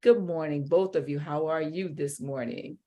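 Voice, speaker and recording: A woman's voice: deep voice, moderate pace, warm tone. A woman hosting a book discussion podcast, speaking emphatically and repeating her key phrases. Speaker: podcast host.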